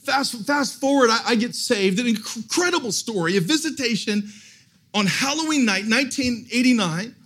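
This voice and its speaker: A middle-aged man preaching a sermon at a church service, telling his story with animated, self-mocking humor and quick restarts. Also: extremely high pitch, slightly rough. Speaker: guest pastor.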